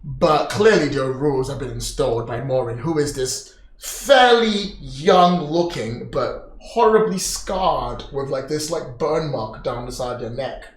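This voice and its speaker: A man narrating a tabletop game as game master, telling the scene with lively, animated descriptions. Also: medium pitch, unhurried. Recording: roomy echo.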